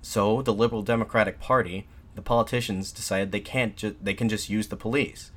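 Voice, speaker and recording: A man voicing a defiant nationalist addressing soldiers from a balcony, in an impassioned, shouted pleading manner. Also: fairly low pitch, steady tone, a little fast. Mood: fervent, shouting.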